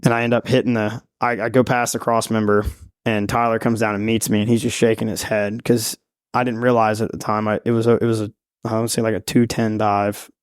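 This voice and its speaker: Dive instructor guy rambling through a story, lowish voice, laughs a lot, trips over his words. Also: a little fast, clear, resonant tone, dry recording, clean studio sound. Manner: rambling, animated storytelling with laughter and self-corrections. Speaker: freediving and spearfishing instructor. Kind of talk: casual storytelling in a podcast interview.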